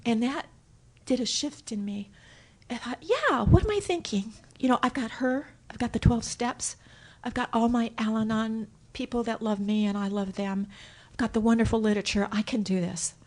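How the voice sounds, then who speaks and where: A woman giving a personal story share at a recovery meeting, animated and acting out her own thoughts as she tells it. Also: fairly high pitch, normal speed. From Southern California. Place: hotel conference room.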